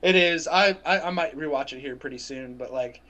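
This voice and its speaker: A relaxed man co-hosting a podcast, his voice sitting a bit higher than most men's. He talks in a loose, halting way with small restarts. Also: lo-fi sound. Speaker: podcast co-host. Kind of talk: casual fan chat.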